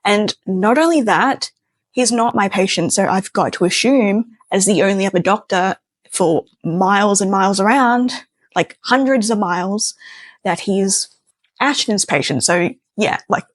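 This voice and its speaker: A woman's voice: mid-range voice, no echo. A woman telling a casual story, chatty and wry, with lots of "like" fillers. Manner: chatty, heavy use of filler "like", wry asides. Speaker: storyteller, doctor.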